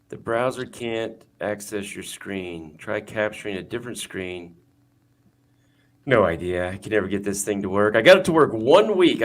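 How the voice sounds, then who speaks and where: A man hosting a live video call show, easygoing, reading viewer questions and fiddling with screen sharing. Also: on the low side. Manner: easygoing, reads chat questions aloud. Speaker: host. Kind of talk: casual live show chat.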